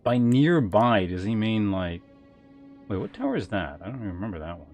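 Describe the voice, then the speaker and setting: A man's voice: fairly low pitch, sing-song, brisk, a little mellow, soft background music. A young male streamer giving casual, filler-heavy commentary and muttering to himself as he plays.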